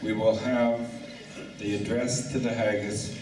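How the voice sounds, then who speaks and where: An older man serving as master of ceremonies at a lunch event rambles, stumbles, and then corrects himself. His voice is low-ish and a little mellow, with little pitch movement and a measured pace. It's recorded from far off in a banquet hall, so the sound is echoey.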